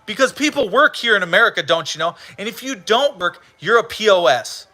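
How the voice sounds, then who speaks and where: A man's voice: high-pitched, expressive, brisk, pushed and bright. A man hosting a livestream, ranting heatedly with profanity and lots of repetition. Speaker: livestream host.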